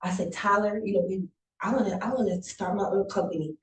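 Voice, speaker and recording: A woman talks casually as an interview guest, animated and heartfelt, slipping into the voices of people she quotes. Her voice sits at a middle pitch and carries an echo off the room, sounding as if she is a little way from the mic. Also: quick pace. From South Carolina Lowcountry. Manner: animated, acts out quotes, emotional and grateful. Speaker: guest, private chef and business owner. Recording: echoey room, voice from a distance.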